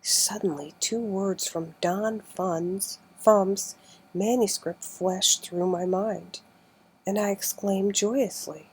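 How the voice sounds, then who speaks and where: Slow, breathy woman reading aloud. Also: mid-range voice, fairly even intonation, a little mellow, rough recording. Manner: slow, careful reading, often drops to near whisper. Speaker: narrator. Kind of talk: audiobook reading.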